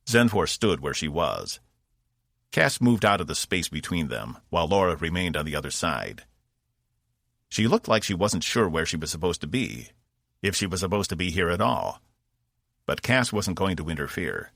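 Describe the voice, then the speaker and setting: Male audiobook narrator, deep voice, measured and expressive, dry close recording. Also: vocal fry, dry recording. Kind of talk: scripted narration.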